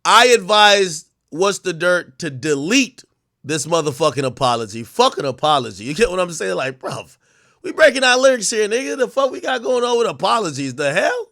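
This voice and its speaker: A man's voice: high-pitched, big pitch swings, moderate pace, pushed and bright, no room sound, studio quality. A man in his thirties hosting a livestream, ranting to his chat in a profane, mocking way and laughing often. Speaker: livestream host. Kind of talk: casual rant to a live chat.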